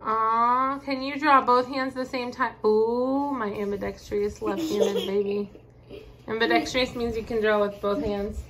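A woman filming a casual family vlog at home, doting and playful as she praises her child. Her voice sits high, with a faint hum of background noise behind it. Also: fairly even intonation, unhurried, hardly any pauses, a bit bright, rough recording. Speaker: mother.

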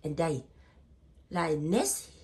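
A woman's voice: deep voice, big pitch swings, extremely slow, darkish tone. A woman teaching English spelling in a patient way, sounding out letters and syllables one by one and repeating each word, with simple non-native grammar. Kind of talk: spelling lesson.

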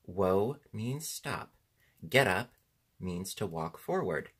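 A man reading an audiobook, voicing a brisk, bossy young boy who gives orders and shouts commands. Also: low voice, big pitch swings, slightly rough, heavily acted.

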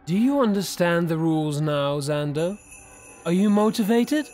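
A man voicing a calm, menacing young villain who speaks slowly in a cool, mocking drawl. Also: fairly high pitch, faint music behind, close to an everyday voice. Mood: cold mocking. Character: cold menacing young man, calm villain toying with his old friend.

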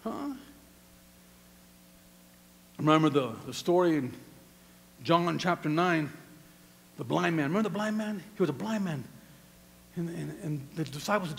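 A man preaching a sermon as pastor, animated, dropping to a hush and then rising to shouts. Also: on the high side, normal speed, gravelly, pauses often. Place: church sanctuary. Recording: long church hall reverb.

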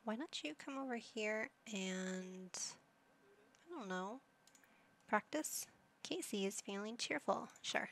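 Slow, gravelly woman chatting over a game. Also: medium pitch, animated, fairly bright tone. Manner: chatty, teasing, talks to her characters. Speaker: gaming channel host. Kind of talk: casual let's-play commentary.

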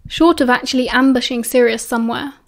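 British woman audiobook reader, high voice, even storytelling delivery. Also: fairly quick. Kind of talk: audiobook narration.

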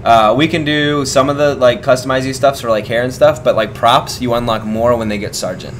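A man's voice: mid-range voice, brisk. Casual male gamer co-host, easygoing and chuckly, mid-range voice, faint ambient hiss behind. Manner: relaxed, chuckling, talks over gameplay. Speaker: let's play co-host. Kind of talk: casual gameplay chat.

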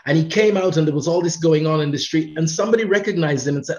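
A man's voice: a little high, quick pace, few pauses, darkish tone. A man, a radio presenter, chatting in an interview, telling stories animatedly and laughing often. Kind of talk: casual interview chat. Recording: dull lo-fi sound.

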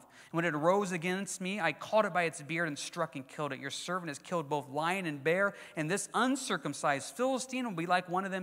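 A man's voice: on the high side, bright, forceful tone. A man preaching a sermon, teaching conversationally and with emphasis, asking rhetorical questions. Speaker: pastor. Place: church sanctuary. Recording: long hall reverb.

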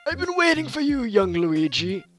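A man's voice: very high voice, big pitch swings, normal speed, faint music behind, voice pushed up. A man voicing an eccentric old male scientist, reading a game's dialogue in a fussy, folksy old-timer way. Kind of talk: game dialogue read aloud.

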